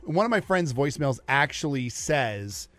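A man's voice: medium pitch, sing-song, normal speed, fairly bright tone, faint music behind. A man in his forties hosting a radio show, chatty and upbeat in casual banter. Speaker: radio host.

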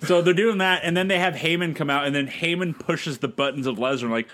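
A man's voice: fairly high pitch, fairly quick, fairly bright tone. A man co-hosting a casual podcast chat, loose and profane, often quoting others in put-on voices. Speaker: podcast co-host.

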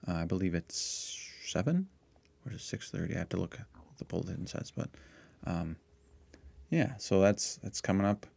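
A middle-aged man co-hosting a parish podcast in relaxed casual chat, laughing easily and restarting his sentences. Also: low-pitched, brisk, gravelly, slightly rough, no room sound.

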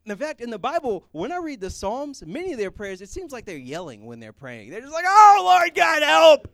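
A young man giving a casual, comedic sermon, animated and joking as he acts out people praying. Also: sits high, a little fast, no room sound, studio quality. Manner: animated, jokey, acts out prayers in put-on voices. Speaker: youth speaker.

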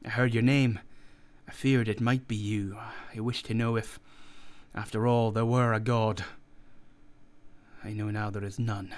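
A man's voice: on the low side, little pitch movement, a little slow, a little mellow, lightly acted. A man voicing a bitter, shabby aging drunkard who speaks bluntly and with force. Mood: vehement. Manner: blunt, vehement.

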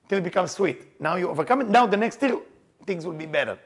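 A man teaches a group about the Passover seder, his voice gravelly and husky. He pitches it fairly high and tells stories with jokes and sudden bursts of emphasis. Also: a little fast. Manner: animated storyteller, laughs and jokes, shouts for emphasis. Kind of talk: lively teaching talk to a group.

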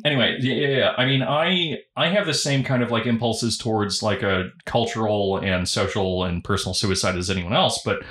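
A man's voice: fairly low pitch, a bit bright. A man hosting a podcast in casual chat. He rambles, swears a lot, mocks himself and laughs often. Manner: rambling, profane, self-mocking, laughs often. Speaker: podcast host. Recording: roomy echo.

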